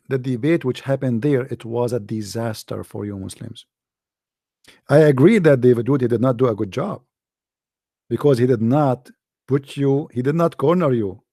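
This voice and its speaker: A man's voice: medium pitch, mellow, no room sound, studio quality. A man giving a scornful, emphatic commentary monologue in non-native English phrasing, repeating phrases and laughing often. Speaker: online religious debater.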